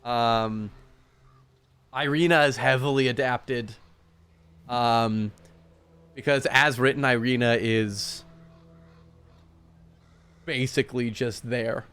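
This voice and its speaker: A man's voice: medium pitch, steady tone, slow pace, long pauses, fairly bright tone, clean tone. A man running a tabletop game, chatting out of game and giving long, rambling explanations with many fillers. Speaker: game master. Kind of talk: casual out-of-game table chat. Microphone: streaming mic.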